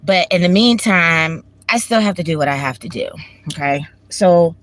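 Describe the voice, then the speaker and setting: A woman's voice: fairly low pitch, lively intonation, moderate pace. Candid Washington DC woman ranting from her car. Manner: candid, profane, rambling. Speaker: vlogger. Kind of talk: casual emotional chat. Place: in a parked car.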